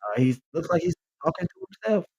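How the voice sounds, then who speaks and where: A man's voice: a little high, lively intonation, fairly quick, darkish tone, husky, no room sound, rough recording. A man hosting a comic advice bit, handing out blunt, profane mock-doctor diagnoses. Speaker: podcast host. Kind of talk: comic advice bit reading messages aloud.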